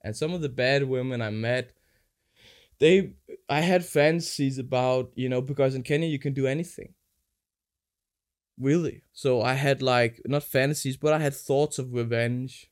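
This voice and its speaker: A man's voice: mid-range voice, moderate pace, smooth. A man chatting casually with his brother, telling crude stories and preaching about forgiveness and inner life in a digressive way. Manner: animated, acts out quoted voices. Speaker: podcast guest, older brother. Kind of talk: casual rambling chat.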